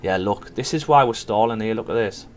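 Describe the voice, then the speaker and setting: Faint music plays behind a forex trader speaking in a lowish voice at a fairly quick clip. He's running casual live commentary on his stream, musing aloud and talking to the people watching.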